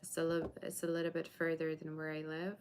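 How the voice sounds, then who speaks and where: A woman's voice: low voice, completely flat delivery, quick pace, darkish tone, slight background noise. A woman giving a live tarot reading, chatting and reassuring viewers and replying to their comments. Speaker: tarot reader. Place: borrowed room, indoors.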